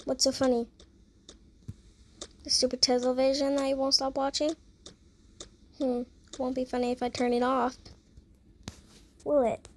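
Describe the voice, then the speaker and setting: A strict, snappish mother, played by a young performer scolds her daughters in a toy-game role-play. The voice sits high and the words come slow and drawn out. A faint hiss runs underneath. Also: flat delivery, a little mellow. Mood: stern.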